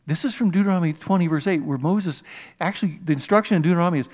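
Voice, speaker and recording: A man preaching a sermon, retelling a Bible story in an animated, conversational way and putting questions to his listeners. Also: fairly high pitch, brisk, pauses often. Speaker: pastor.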